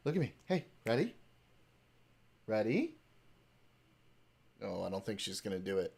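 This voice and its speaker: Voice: medium pitch, sing-song, unhurried, creaky, a little mellow, breathy edge. A livestreamer in casual chat, heavy on fillers, who slips into cooing baby talk with a pet.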